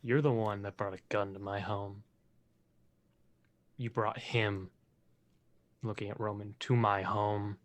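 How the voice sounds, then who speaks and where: A man's voice: on the low side, fairly even intonation, slow, pauses often. A man playing a tabletop role-playing game, speaking in terse, clipped lines. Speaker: player. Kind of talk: tabletop role-play, mixing in-character lines and narration.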